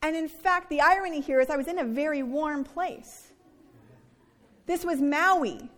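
A woman's voice: high voice, measured pace. A woman reading scripture and preaching a sermon in an earnest, conversational way. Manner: earnest, conversational, acts out quoted complaints. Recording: reverberant worship hall.

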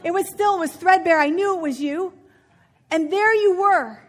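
A woman voicing a frantic rich master who talks in a loud, urgent, pleading way. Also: very high-pitched, normal speed, voice pushed up. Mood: distraught.

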